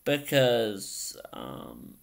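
A man's voice: on the low side, wildly swooping pitch, drawn-out words, vocal fry. A man vlogging casually, telling stories in a hesitant way with many ums and repeated phrases. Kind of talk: casual vlog storytelling.

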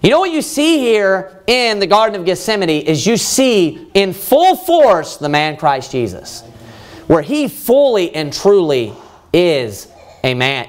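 A man, a pastor, preaching a Bible study sermon, reading verses slowly and then explaining them in plain words, rising in force to stress his points. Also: very animated. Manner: rises in pitch and force when stressing points.

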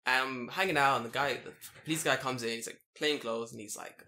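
A man hosting a podcast, telling a story in an excitable, profane, animated way. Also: mid-range voice, brisk. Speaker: podcast host. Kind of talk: casual chat, storytelling.

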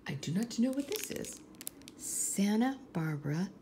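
Woman from California, home unboxing vlogger, animated pitch, chatty and effusive with frequent soft asides. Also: measured pace, slight background noise. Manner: chatty and gushing, often dropping to a soft whisper. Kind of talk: casual unboxing vlog.

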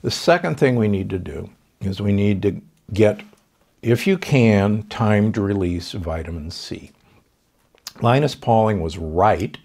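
A man's voice: on the low side, animated, slow, gravelly, darkish tone. An older man, a doctor hosting a podcast, giving confident health advice in conversation. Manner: confident, explanatory, with fillers.

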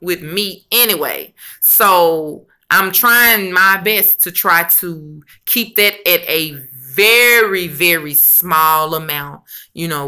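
Bright, slow-talking woman vlogger. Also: lowish voice. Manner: chatty, addresses viewers as y'all and honey; emotional and expressive, rambling with restarts. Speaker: weight-loss vlogger. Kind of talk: casual chat to camera.

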